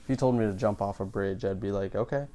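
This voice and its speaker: Rambling, stammering lower-voiced man. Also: fairly even intonation, quick pace, mellow. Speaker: comedian. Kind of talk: casual comedic podcast chat.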